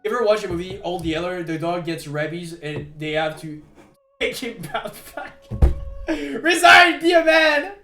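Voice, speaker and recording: A young man from Quebec with a Québécois French accent, chatting on a live stream, excitable and stammering, laughing often. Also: fairly high pitch, normal speed. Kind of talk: casual live-stream chat. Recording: echoey room with faint music.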